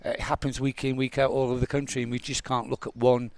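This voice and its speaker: A man's voice: medium pitch, little pitch movement, quick pace. Guy chatting footy results, matter of fact, a bit emphatic. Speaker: football pundit. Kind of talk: casual football chat.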